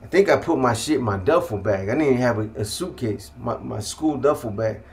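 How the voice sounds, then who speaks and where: A middle-aged man from California tells his story in an easygoing, street-slang way, leaning on "man" and "you know what I mean." His voice sits at an ordinary male pitch and often sinks into low, hushed asides. The talk is loose and conversational, full of restarts. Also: lively intonation, a little fast. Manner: quiet, subdued delivery with hushed asides. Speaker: guest telling his life story. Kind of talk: casual storytelling.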